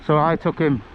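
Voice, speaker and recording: Strolling along a country road for charity, this English vlogger chats casually and wanders from story to story, laughing a lot. His voice sits on the high side. The handheld outdoor recording has phone-quality sound with slight background noise.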